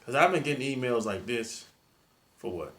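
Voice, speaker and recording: A man's voice: mid-range voice, lively intonation, normal speed, fairly bright tone, slight background noise. A man giving dating advice in a monologue, emphatic and repetitive, in casual speech with dropped verb endings. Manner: colloquial, drops verb endings. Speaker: dating coach.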